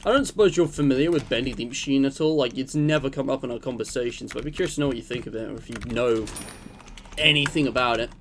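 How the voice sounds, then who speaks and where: A man's voice: mid-range voice, fast, slight background noise. A young man streaming a game, chatting casually and rambling in a jokey way to his viewers. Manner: rambling, jokey, talks to chat while playing. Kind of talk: casual gameplay chat.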